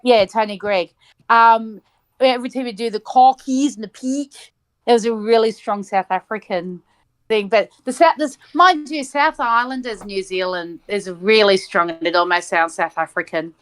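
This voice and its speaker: A woman talks loosely and thinks out loud, filling pauses with ums and circling back to restart her sentences. Her voice sits in an ordinary middle range. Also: mid-range voice, clean tone. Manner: rambling, thinks aloud with ums. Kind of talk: casual chat.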